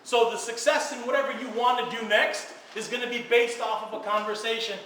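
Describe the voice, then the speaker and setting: An energetic man speaks to a room at an event, leaning hard on key words and repeating them for effect. His voice sits high and bright. It comes from a distance through a strongly echoing hall with faint noise. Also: brisk. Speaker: speaker at a social media event. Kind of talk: conference talk. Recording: echoey room picked up from afar.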